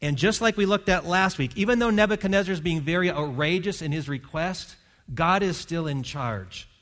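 A pastor preaches a sermon, telling a Bible story, voicing its characters and rising to loud emphasis. His voice is high and his pace normal.

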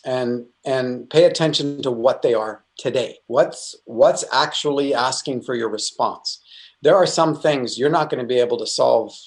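A man's voice: medium pitch, moderate pace. A middle-aged man teaching about faith in an earnest, conversational way, full of restarts and asides. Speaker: Christian speaker.

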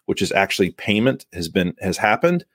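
A low-voiced man with big pitch swings talks a little fast, his tone fairly bright, in a studio-quality recording without echo. He hosts a sales podcast, delivering emphatic solo coaching and acting out short buyer and seller lines.

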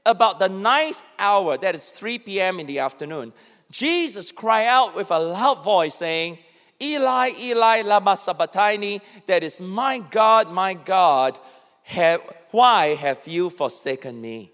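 A man's voice: sits high, measured pace, long reverb tail. A man pastor preaching a sermon, acting out quoted lines as he speaks. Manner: animated, acts out quoted speech.

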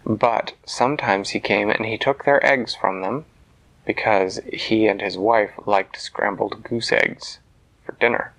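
A man telling a bedtime story to a child in a gentle voice that sometimes drops to a soft whisper. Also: lowish voice, fairly even intonation, measured pace, vocal fry, poor audio.

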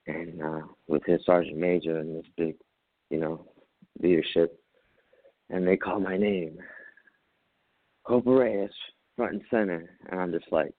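A man, a Marine veteran, telling a story as an interview guest, animated, acting out his own quotes and laughing often. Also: low-pitched, normal speed, long pauses, no room sound, phone-quality sound. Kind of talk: casual storytelling.

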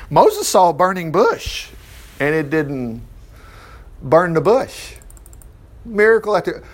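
A middle-aged man preaching, reading a Bible story aloud and breaking off with chuckling, animated commentary. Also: a little high, takes it slowly. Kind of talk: Bible reading with lively asides.

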